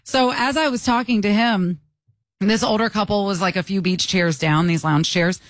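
A woman co-hosting a casual talk show, recounting a travel story in an animated, laughing way. She slips into quick acted-out voices for the people in it. The recording is close and dry. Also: mid-range voice, dry recording. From Michigan.

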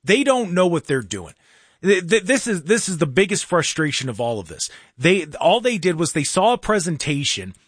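Male talk radio host, frustrated rant, slightly high voice, dry booth. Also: sing-song, normal speed, breathy edge, dry recording. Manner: frustrated ranting, many restarts. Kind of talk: casual talk radio chat.

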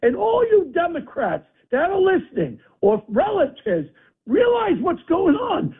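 Radio phone-in guest, New man, high and strident, blustering political tirade, phone-quality audio. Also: wildly swooping pitch, unhurried. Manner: combative, insulting, blustering. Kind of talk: angry political rant. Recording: tinny phone line.

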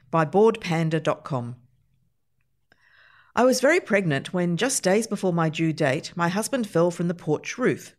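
Woman reading funny anecdotes aloud. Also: lowish voice. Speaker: reader of humor pieces. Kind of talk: scripted reading aloud for radio.

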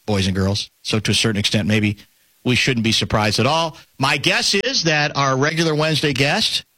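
A man hosting a talk radio show, rambling and animated, often breaking off and restarting his sentences. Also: medium pitch, normal speed, no room sound. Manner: animated, rambling, self-interrupting.

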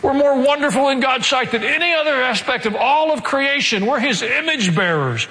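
A man's voice: very high-pitched, expressive, moderate pace, sharp tone. An older man preaching a sermon as pastor, earnest, asking the congregation rhetorical questions.

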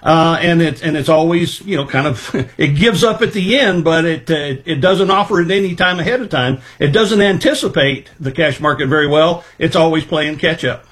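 A middle-aged man answering interview questions about markets, speaking in a measured way and thinking aloud with many fillers. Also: a little high, fairly bright tone. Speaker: livestock marketing specialist guest.

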